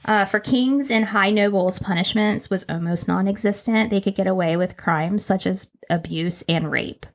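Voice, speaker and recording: A podcast co-host from Northern Kentucky chats casually, laughing often and drifting onto tangents. Seated indoors on a squeaky chair, she talks at a moderate pace in a medium-pitched voice with few pauses.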